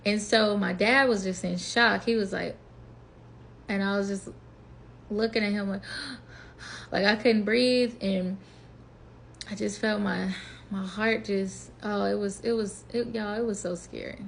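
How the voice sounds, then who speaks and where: Her voice is medium-pitched and gravelly, measured in pace, with frequent pauses and a little hiss or hum on the recording. This woman in her twenties is a vlogger, casually and animatedly recounting her own story while acting out her thoughts and words.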